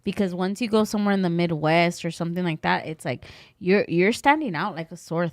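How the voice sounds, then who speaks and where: A woman with a Californian accent, co-hosting a podcast and telling stories in an expressive, casual way. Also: on the low side, fairly quick. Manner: animated, expressive storyteller. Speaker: podcast co-host.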